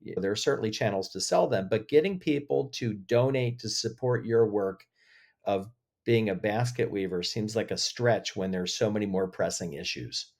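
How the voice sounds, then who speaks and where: A man speaking as a podcast guest, telling stories with feeling and lively emotion in an interview. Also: on the low side, moderate pace, creaky. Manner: emotional, animated storyteller. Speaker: podcast guest, agency head. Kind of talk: interview conversation.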